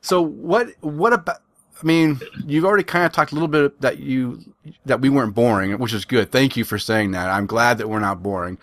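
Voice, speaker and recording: A man hosting a casual podcast chat, talking in a loose, rambling way and circling back on his words. His voice sits at an ordinary middle pitch, recorded dry and close with no room sound. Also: brisk, a bit bright, no room sound. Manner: chatty, rambling with restarts. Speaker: podcast host.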